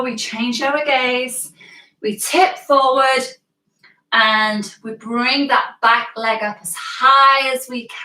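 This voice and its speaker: Slow, bright British woman leading kids' yoga. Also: sits high, recorded from a distance. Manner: encouraging, playful, slow and clear instructions. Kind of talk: guiding a children's yoga class live. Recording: echoey room, voice from away from the mic.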